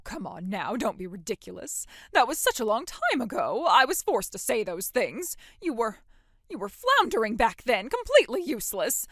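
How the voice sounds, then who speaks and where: A woman's voice: a little high, fairly bright tone, no echo, studio quality. A woman playing a scornful, manipulative mother. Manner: condescending, later gushing and pushy. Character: cold, scornful, manipulative middle-aged mother. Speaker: mother in a voiced story. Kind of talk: dramatic story voice acting.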